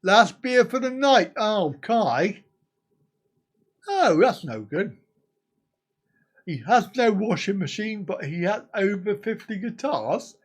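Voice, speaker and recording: A man's voice: sits high, lively intonation, slow, pauses often, breathy edge. A man hosting a casual live stream, chatting and laughing as he answers viewer comments.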